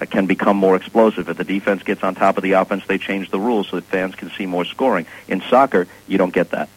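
In a casual radio interview, a middle-aged sportscaster guest shares opinions and stories, articulate and dry-humored. He talks fast in a deep voice with fairly even intonation, and the recording is rough.

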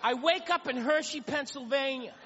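A man's voice: very high voice, normal speed, background noise. A man doing a stand-up comedy routine in a rambling, self-mocking storytelling manner, on stage before a live audience. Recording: lo-fi live club recording with hall echo and crowd.

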